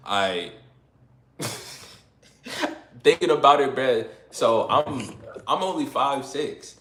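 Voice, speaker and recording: A man hosts a livestream, telling a story in loose, slangy, casual chat and laughing now and then. His voice is mid-range with a fairly bright tone, recorded in a roomy space with faint noise.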